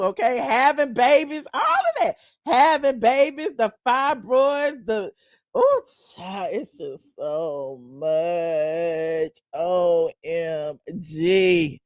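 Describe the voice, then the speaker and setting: A woman hosting a casual livestream, chatting to viewers in a sassy, animated, digressive way. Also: a little high, no room sound, studio quality. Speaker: livestream commentary host. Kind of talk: casual commentary reading viewer chat.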